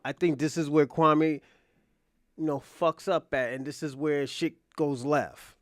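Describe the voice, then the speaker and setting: Male reaction host, high-pitched and blunt, speaking on a dry close mic. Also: fairly even intonation, measured pace, no room sound. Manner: blunt, swearing, talks to the viewers directly. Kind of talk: casual reaction commentary.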